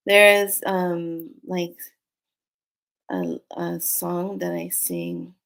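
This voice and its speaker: A woman telling a dream story in a casual, unhurried monologue, acting out the voices she quotes. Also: mid-range voice, very animated. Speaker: spiritual storyteller.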